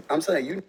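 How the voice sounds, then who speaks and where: A man casually telling a personal story in heavy slang, jumping up in pitch when he quotes himself. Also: slightly rough, low-quality recording. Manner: animated, slangy, jumps high when quoting himself.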